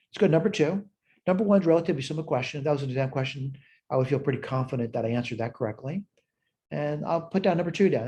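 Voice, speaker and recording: A man's voice: mid-range voice, dark tone. Man talking through calculus problems. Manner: thinks aloud, working problems step by step with fillers. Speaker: math instructor. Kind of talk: recorded math lesson walkthrough. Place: at a whiteboard, screen sharing.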